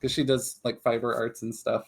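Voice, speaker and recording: A man's voice: mid-range voice, flat delivery, normal speed, creaky, slightly rough. A man narrating a tabletop game as game master, hesitant with many fillers.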